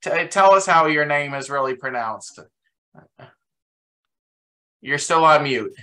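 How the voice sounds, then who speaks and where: A man hosting an online pitch event, brisk and keeping things moving over a video call. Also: expressive, sharp tone. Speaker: event host.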